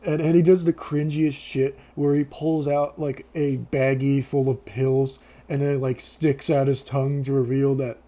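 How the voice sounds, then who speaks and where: A man's voice: medium pitch, little pitch movement, measured pace, hardly any pauses, warm tone. A young man giving a casual, sarcastic, profane rant as a movie reviewer, laughing often.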